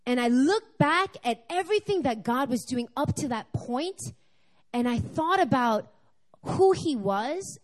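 A woman speaking at a church service, telling a personal testimony in an animated, storytelling way. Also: a little high. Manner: animated storytelling, acting out dialogue.

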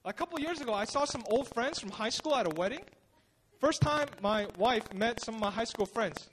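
A male pastor preaching a sermon at a church service in a casual, animated way, often repeating his words and joking at his own expense. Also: extremely high pitch, brisk, slight background noise.

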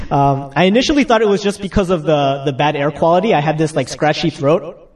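A man's voice: a little high, a little fast, a little mellow, far from the mic, a little hiss or hum. A young man giving a casual sermon, chatty, laughing as he acts out stories, just getting over a cold. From United States. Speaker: pastor.

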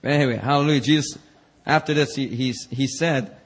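A man preaching a lively sermon in church, acting out quoted voices with slangy asides and a husky edge. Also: medium pitch, fairly quick. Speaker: pastor.

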